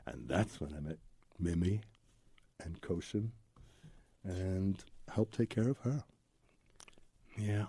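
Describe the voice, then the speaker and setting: A man's voice: low-pitched, takes it slowly, pauses often, mellow, slightly rough. A man, a Zen Buddhist teacher, telling his own story as an interview guest in a candid, rambling way with tumbling lists of memories.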